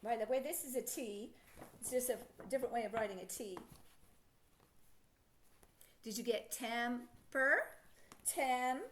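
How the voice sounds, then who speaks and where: A woman teaching a children's phonics lesson, encouraging and enthusiastic, sounding out word parts slowly. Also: a little high, fairly bright tone, slight background noise.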